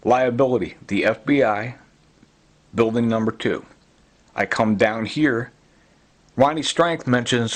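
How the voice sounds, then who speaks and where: A man's voice: mid-range voice, measured pace, pauses often. A middle-aged man giving a rambling, agitated personal testimony, full of fillers and repeats. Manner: agitated, repetitive, many fillers. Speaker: self-recorded complainant.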